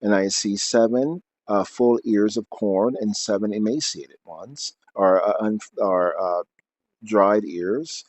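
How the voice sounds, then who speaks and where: After reading a passage from his book, a man goes on to explain it at length off the cuff, with lots of fillers and restarts. His voice is fairly low, slow and a little mellow, with no echo.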